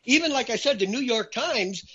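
A man talking in an animated opinion chat, raising his voice for emphasis. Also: extremely high pitch, normal speed, breathy edge, highs cut off. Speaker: talk show guest.

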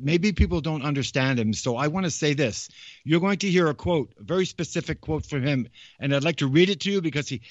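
A man's voice: fairly high pitch, dry recording. Meandering male show host, dry sound. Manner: meandering, digressive, frequent restarts. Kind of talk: casual monologue. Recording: dry, dull recording.

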